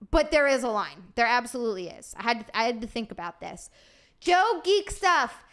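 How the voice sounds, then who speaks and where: Here a streamer who also hosts a podcast talks loosely with her audience during a livestream, replying to donations. Sleep-deprived, she's tired and unfocused and swears without holding back, in a high-pitched, fairly bright voice.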